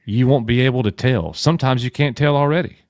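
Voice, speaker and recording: A man's voice: medium pitch, fast talker, a little mellow, no echo, clean studio sound. A man hosting a casual livestream chat, opinionated and drawn out when making a point. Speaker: podcast host.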